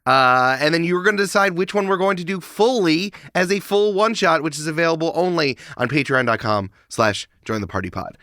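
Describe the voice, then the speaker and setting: Bright, lively man co-hosting a podcast. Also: a little high, brisk, hardly any pauses, no echo, clean studio sound. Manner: excitable and upbeat. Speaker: podcast co-host. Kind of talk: casual chat.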